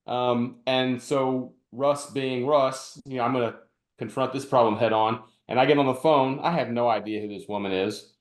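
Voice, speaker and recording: A man's voice: mid-range voice, moderate pace. Man telling war stories in a roomy echo. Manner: animated anecdote telling with acted-out quotes. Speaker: podcast host and retired army officer. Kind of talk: casual storytelling conversation.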